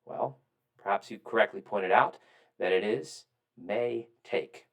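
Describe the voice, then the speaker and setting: Low male teacher voice, explanatory lecture delivery, rhetorical questions. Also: measured pace, creaky, a bit bright. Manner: explanatory, asks questions and answers them. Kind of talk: recorded classroom lecture.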